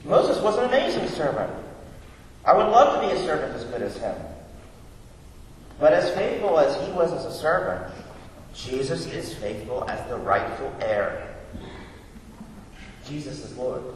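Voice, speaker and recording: Slow-talking preacher in an echoey hall. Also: male voice, on the high side, very animated, distant mic, slight background noise. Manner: conversational, teacherly, asks and answers questions. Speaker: pastor. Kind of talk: sermon.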